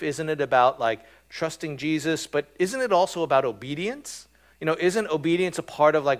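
A man preaching a sermon in a relaxed, conversational way, often checking in with his listeners with "right?" and filling pauses with "um". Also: on the high side. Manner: conversational, frequent "right?" and "um" fillers. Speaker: pastor.

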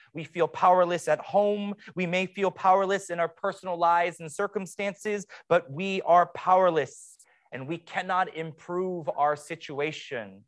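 A young man preaching a sermon as pastor, swinging between hushed, quiet passages and playful mock-excited sarcasm. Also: high voice.

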